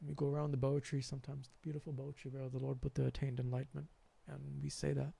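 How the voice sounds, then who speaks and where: A young man hosting a rambling, animated spiritual monologue in a slangy, casual way. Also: mid-range voice, fast, vocal fry, husky. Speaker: host.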